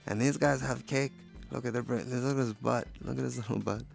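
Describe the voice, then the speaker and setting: A man with a gravelly, creaky voice at a middle pitch, chatting in a loose, jokey ramble about his own paintings. Faint music plays behind him. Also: steady tone, a little fast. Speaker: painter showing his work. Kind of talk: casual commentary.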